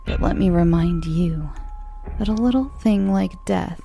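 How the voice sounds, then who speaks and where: A woman reading as a vengeful ghost taunting their killer, in a hushed, mocking, slow and deliberate way. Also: on the low side, vocal fry, soft background music. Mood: menacing. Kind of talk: horror story reading.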